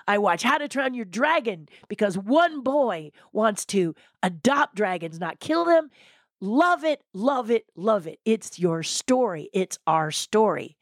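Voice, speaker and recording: A woman giving an interview, telling inspirational stories in an animated way and repeating words for emphasis. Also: mid-range voice, no room sound, clean studio sound. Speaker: interview guest. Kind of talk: animated motivational storytelling.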